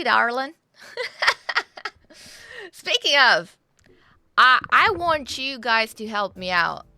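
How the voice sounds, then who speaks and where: A woman's voice: a little high, pushed and bright. A young woman streaming live, chatting casually and rambling to her viewers with fillers and the odd swear. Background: faint game music.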